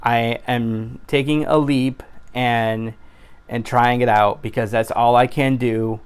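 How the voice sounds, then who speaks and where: A man talking in a casual vlog monologue, earnest and rambling, with frequent restarts and animated exclamations. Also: medium pitch, takes it slowly, smooth. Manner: animated exclamations of his catchphrase. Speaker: YouTuber.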